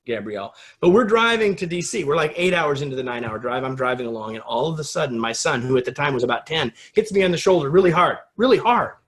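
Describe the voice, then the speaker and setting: Middle-aged American man, interview guest, slightly high voice, animated storyteller. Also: fast, few pauses. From United States. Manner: animated storyteller, acts out quotes with rising pitch.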